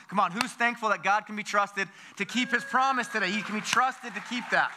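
High, bright-voiced preacher man. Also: a little fast, few pauses. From United States. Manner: energetic, with call-and-response questions to the congregation; repeats words and restarts phrases. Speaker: pastor. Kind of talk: sermon.

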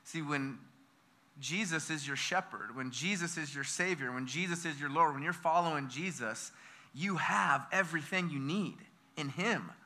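A male pastor from the United States delivers a lively sermon in a high voice that sounds sharp and very bright. He throws question after question at the congregation and doubles back on his words as he pushes on. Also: normal speed. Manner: energetic, with call-and-response questions to the congregation; repeats words and restarts phrases.

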